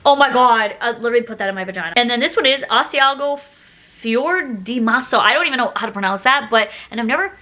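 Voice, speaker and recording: A woman's voice: fairly high pitch, expressive, quick pace, bright, forceful tone. A woman in her thirties chatting in a casual haul vlog, bubbly and gushing. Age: 30s. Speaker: vlogger.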